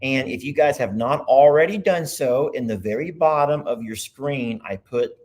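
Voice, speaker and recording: A man hosting a casual livestream from his computer, chatting loosely and thinking out loud as he goes. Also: mid-range voice. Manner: rambling, chatty, thinks aloud. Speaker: livestream host. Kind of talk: casual live chat.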